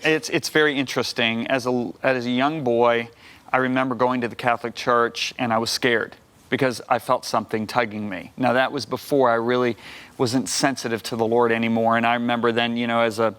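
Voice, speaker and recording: A man's voice: medium pitch, little pitch movement, fairly quick, a bit bright, clear, resonant tone. A man in his sixties, a guest minister on a TV talk show, telling his testimony with energy and acting out the voices of people he quotes. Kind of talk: animated storytelling testimony. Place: TV studio talk set.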